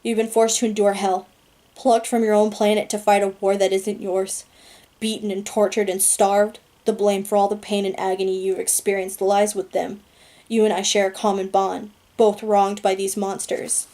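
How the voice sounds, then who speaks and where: Lady reading teen boy hero, earnest, pleading, mellow flat voice. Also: medium pitch, moderate pace, lightly acted.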